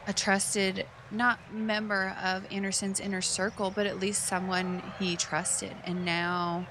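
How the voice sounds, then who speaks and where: A woman's voice: medium pitch, flat delivery, a little slow, background noise. A woman streamer commenting on a video game as she plays, chatty and emotional, rambling through her thoughts. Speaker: let's play streamer. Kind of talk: casual gameplay commentary.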